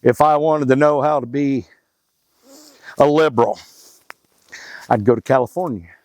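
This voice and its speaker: A man's voice: mid-range voice, moderate pace, dry recording, low-quality recording. Folksy joking middle-aged man outdoors. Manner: folksy, joking, rambling Southern talk. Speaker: hunting club owner. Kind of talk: casual outdoor vlog talk. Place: outdoors by a river in the woods.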